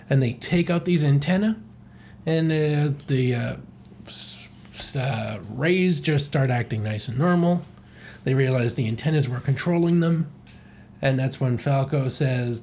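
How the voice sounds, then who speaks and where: A man's voice: medium pitch, measured pace, darkish tone, slight background noise. A man hosting a podcast, giving a rambling, irreverent comedic recap of a comic and swearing often. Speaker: podcast host.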